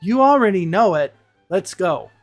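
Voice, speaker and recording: A woman's voice: fairly low pitch, lively intonation, moderate pace, soft background music. A woman English teacher giving casual reaction commentary, blunt and exasperated and swearing freely.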